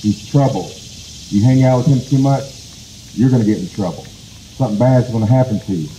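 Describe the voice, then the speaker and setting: Gently dismissive village women from a folk tale, voiced by a man in his own register. The tone is dark and mellow, polite but firm. The recording rings with echo. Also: mid-range voice, fairly quick, natural voice. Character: polite young village women turning a suitor down. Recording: echoey with faint noise.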